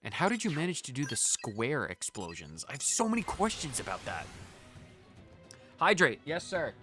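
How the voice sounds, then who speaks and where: Animated, bright-voiced male streamer. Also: medium pitch, normal speed, faint music behind. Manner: animated, joking, stammering restarts. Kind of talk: casual gaming commentary.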